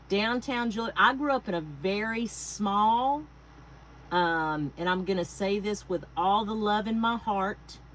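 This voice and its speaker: A woman's voice: medium pitch, fairly bright tone, poor audio. Chatty Southern woman hosting a livestream. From Texas. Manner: chatty, greets viewers by name, drawn-out exclamations. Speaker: craft livestream host. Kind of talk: casual livestream chat. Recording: faint air conditioner hum.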